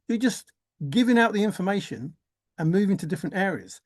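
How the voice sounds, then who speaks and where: A man's voice: sits high, animated, a little fast, no room sound, studio quality. Rambling man thinking aloud. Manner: musing aloud, wandering, swears casually, laughs to himself. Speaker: vlogger. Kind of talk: rambling monologue.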